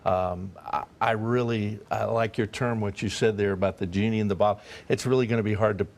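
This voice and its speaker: Man, mission charity head, low voice, earnest, halting. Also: steady tone, creaky, darkish tone. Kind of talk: TV panel discussion.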